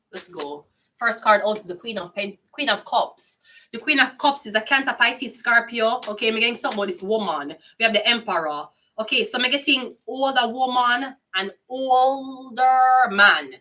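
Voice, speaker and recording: Jamaican woman, tarot reader, casual and profane, bright tense tone, a bit off-mic. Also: mid-range voice, recorded from a distance. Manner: blunt, profane, chatty patois.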